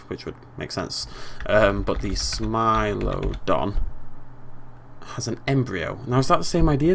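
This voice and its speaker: A man's voice: mid-range voice, gravelly, fairly bright tone, slight background noise. A young British man giving casual, chatty let's play commentary, playfully talking to the game animals.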